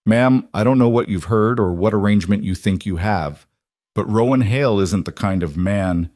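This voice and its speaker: A man's voice: on the low side, normal speed, darkish tone, dry recording, lightly acted. Storybook clerk: thin, wary man, cautious and warning, voiced by the narrator.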